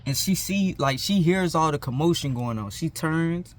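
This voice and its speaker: A man's voice: a little high, lively intonation, moderate pace. A young man telling a school story in a casual, slangy, self-mocking way. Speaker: vlogger.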